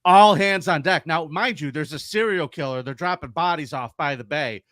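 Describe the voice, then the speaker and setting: A man co-hosting a podcast, telling a true-crime story in an animated, profane way. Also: a little high, moderate pace, dry recording, studio quality. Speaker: podcast co-host.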